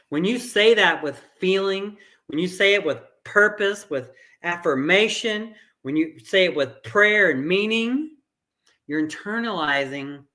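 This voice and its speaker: Middle-aged guy coaching fitness, bright forceful voice, a bit high, keeps repeating himself for emphasis. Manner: earnest, repeats phrases for emphasis. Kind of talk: motivational fitness talk.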